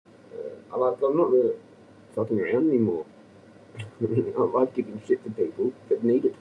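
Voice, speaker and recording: A man's voice: lowish voice, distant mic, narrow, tinny audio, a little hiss or hum. An Australian man rambling and ranting on a livestream, profane and agitated.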